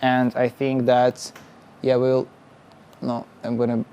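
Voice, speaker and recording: A young man from Russia, a startup founder telling his story casually in halting, English. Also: medium pitch, completely flat delivery, warm tone, clear, resonant tone. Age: young adult. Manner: halting, many restarts and laughs, plain non-native phrasing.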